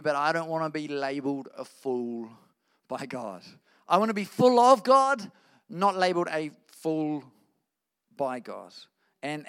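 A New man delivers a sermon in a slightly raised voice. He preaches earnestly, pressing some lines hard and dropping others almost to a murmur. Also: fairly high pitch. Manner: earnest preaching with swings between emphatic and hushed delivery. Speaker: pastor.

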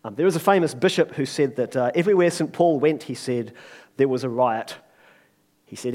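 A man preaching a sermon in a lively, conversational way, joking and acting out quotes. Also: medium pitch, fairly quick.

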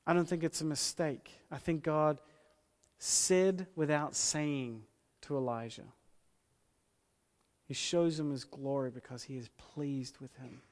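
A man preaching a sermon as pastor, earnest and emphatic, repeating key phrases slowly for weight. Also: on the high side, steady tone, darkish tone. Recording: long hall reverb.

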